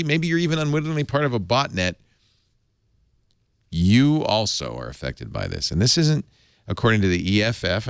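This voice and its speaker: A low-pitched man hosting a tech talk show, his voice swinging up and down as he explains and editorializes. The sound is dry and close, with no room around it. He talks in an animated way. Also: no echo. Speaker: host. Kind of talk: tech panel discussion.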